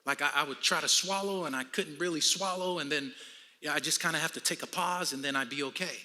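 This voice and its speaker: Bright, high-voiced preacher man in his fifties. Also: fairly quick. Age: 50s. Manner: storytelling with humor, preaching to a congregation. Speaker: pastor. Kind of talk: sermon.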